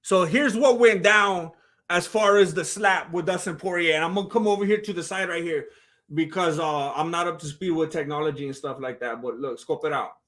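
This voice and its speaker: Talking a little fast in a slightly high voice, a young man reacts to a fight video during a casual live stream. He tells it with animation, performing the voices of the people in the clip.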